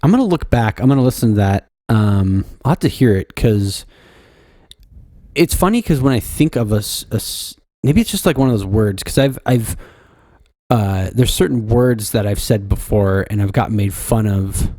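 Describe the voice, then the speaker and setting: A man co-hosting a podcast in loose, rambling chat. His voice is mellow and dark, recorded close and dry. He keeps circling back to his own odd pronunciations. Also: on the low side, lively intonation, normal speed, no room sound. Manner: rambling, self-conscious about his pronunciation. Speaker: podcast co-host. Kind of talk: casual chat.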